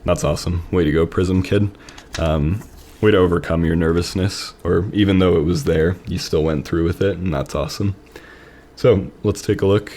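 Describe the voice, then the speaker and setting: A man's voice: sits low, steady tone, moderate pace, warm tone. A man hosting a review of fan-submitted poems, reading them aloud and then discussing them in a thoughtful, conversational way. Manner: thoughtful, conversational, many fillers like "you know" and "right". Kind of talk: reading aloud and casual critique.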